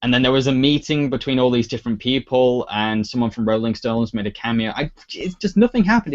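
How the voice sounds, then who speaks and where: Male streamer host, relaxed and chatty, mid-pitched, muffled stream audio. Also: fairly quick, few pauses. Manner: relaxed, chatty, giggly asides. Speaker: YouTuber hosting his anniversary livestream. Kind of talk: casual livestream chat.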